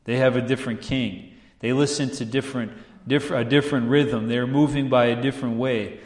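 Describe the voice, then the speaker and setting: A man preaching a sermon, telling a story with lively acted-out voices and asking the listeners rhetorical questions. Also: medium pitch, fairly quick. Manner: animated storytelling, acts out characters, asks rhetorical questions. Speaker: pastor. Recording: echoey room.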